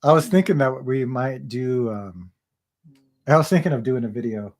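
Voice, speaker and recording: A slightly mellow, mid-range voice at a moderate pace belongs to a man in his thirties. He co-hosts a casual livestream, greeting people and reading their comments aloud while laughing often.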